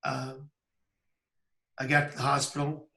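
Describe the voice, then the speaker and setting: Guy in his thirties telling his own story real earnest, pretty even flat tone, bit of roomy echo. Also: medium pitch, gravelly. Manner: earnest, measured storytelling with pauses. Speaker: public speaker. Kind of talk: personal story told on camera. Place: outdoors by a bridge.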